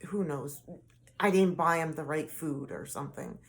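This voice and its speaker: A woman vlogger telling a personal story in a casual, rambling way, full of fillers and restarts, mostly soft and low-key. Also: moderate pace, creaky.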